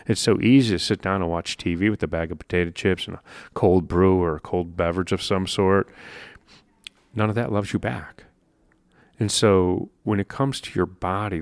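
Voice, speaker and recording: A man's voice: low voice, no echo, clean studio sound. A man giving an earnest, conversational motivational talk about health and mindset, with emphatic stresses. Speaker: motivational speaker. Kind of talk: motivational monologue.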